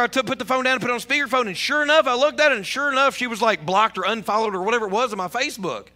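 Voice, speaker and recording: Pastor guy preaching, high voice, super bright and punchy, gets loud and repeats stuff. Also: quick pace, hardly any pauses. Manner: animated, rising to near shouts, repeats himself. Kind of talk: sermon.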